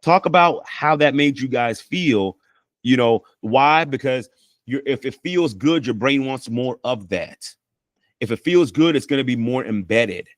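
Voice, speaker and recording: A man's voice: mid-range voice, lively intonation, a little slow, dry recording, studio quality. A man, a counselor and life coach, teaching communication skills in a casual, conversational way, often checking in with "right?" and acting out sample apologies. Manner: conversational, frequent "right?" and "you know" tags; acts out sample apologies and I-statements.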